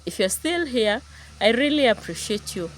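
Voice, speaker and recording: A woman's voice: fairly high pitch, expressive, moderate pace. A woman host speaking to viewers with grateful address. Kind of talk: video outro.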